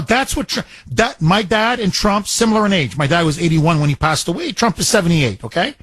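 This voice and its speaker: A man's voice: high-pitched, lively intonation, fairly quick, hardly any pauses, a bit bright, breathy edge, no room sound. A middle-aged man from Canada hosting a talk radio show, telling a personal story with emotion and emphatic indignation.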